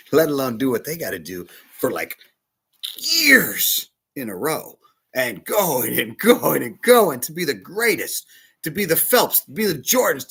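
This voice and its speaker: Animated bishop preaching, lively husky voice. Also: male voice, mid-range voice. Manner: emotional personal testimony, animated and confiding. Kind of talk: sermon.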